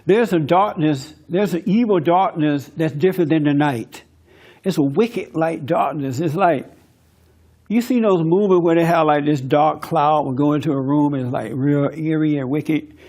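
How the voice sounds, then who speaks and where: A man's voice: fairly high pitch, moderate pace, a little mellow. A man, hosting a radio talk about faith and forgiveness in an earnest, preacherly way with many rhetorical questions. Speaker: radio show host. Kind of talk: faith-based advice talk.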